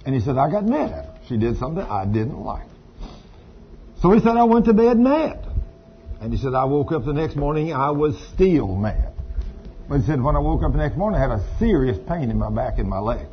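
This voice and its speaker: Man, preaching, folksy storyteller, highish voice, muffled lo-fi recording. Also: sing-song, fairly quick, slight background noise. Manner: folksy, storytelling with laughs and asides to the congregation. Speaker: pastor. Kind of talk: sermon. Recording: dull lo-fi sound with faint ambience.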